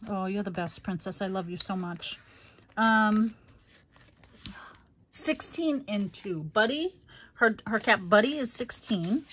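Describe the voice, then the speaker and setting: A woman's voice: mid-range voice, expressive, slow, long pauses, fairly bright tone, slight background noise. A middle-aged woman hosting a crafting livestream, chatting casually and fondly, calling viewers honey and rambling with many fillers.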